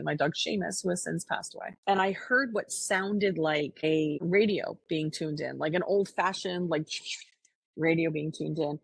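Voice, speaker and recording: With a low, slightly rough voice and vocal fry, a woman co-hosting a podcast talks casually in an earnest, reflective way, often beginning sentences again. There's no room sound in the recording.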